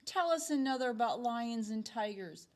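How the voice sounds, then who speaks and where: A woman voicing Johnny, an excitable little boy in a read-aloud storybook, with a pleading child's manner. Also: on the high side, normal speed, voice pushed up.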